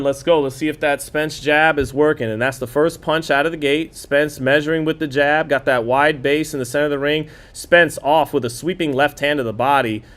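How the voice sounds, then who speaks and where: His voice on the high side and a bit bright, the host of a live boxing watch-party stream talks casually, reads viewer comments out loud, and quickly calls the action punch by punch.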